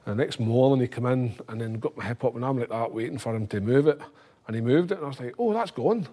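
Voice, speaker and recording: A Scottish man rattles through a story at a quick clip in a slightly husky voice. He talks casually as a guest, switching into other people's voices when he quotes them. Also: mid-range voice. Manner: animated, acts out quoted voices. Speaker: former footballer, podcast guest.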